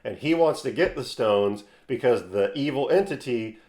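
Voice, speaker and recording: A man co-hosting a podcast, casually retelling scenes from a film in quick bursts. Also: medium pitch, animated, a little mellow. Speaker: podcast co-host. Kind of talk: casual chat. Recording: echoey room.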